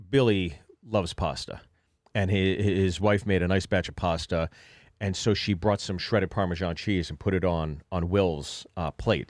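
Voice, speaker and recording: A man in his forties co-hosting a podcast, telling animated stories, swearing freely and quoting other people. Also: sits low, no room sound, clean studio sound. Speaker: podcast co-host. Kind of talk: casual chat, storytelling.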